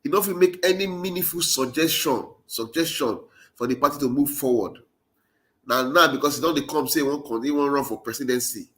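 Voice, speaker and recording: With a Nigerian Pidgin accent, a political commentator gives a heated monologue, calling his audience to action with recurring rallying lines. His mid-range voice is a bit bright and a little fast.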